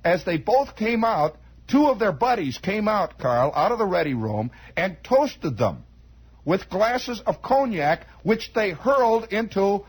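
A man with a high, strikingly husky voice tells a rambling comic story. He drifts into asides and starts sentences over, keeping a chatty, conversational flow. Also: big pitch swings, a little slow, poor audio. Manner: digressive, chatty, many asides and restarts.

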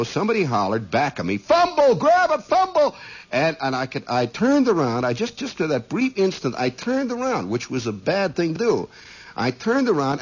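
A man's voice: mid-range voice, husky, rough recording. A middle-aged man telling rambling, folksy stories as a radio host, acting out voices and exclamations. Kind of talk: rambling storytelling monologue.

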